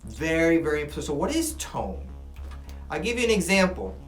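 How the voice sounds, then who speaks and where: A man giving a classroom lecture. He talks in an animated way and keeps checking in with his listeners. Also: fairly high pitch, brisk. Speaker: teacher. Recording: echoey room with faint music. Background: faint music.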